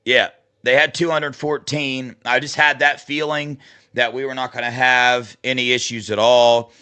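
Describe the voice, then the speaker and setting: A man co-hosting a sports podcast, talking casually and excitedly, with lots of restarts and rambling. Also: medium pitch, normal speed, clear, resonant tone. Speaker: podcast co-host.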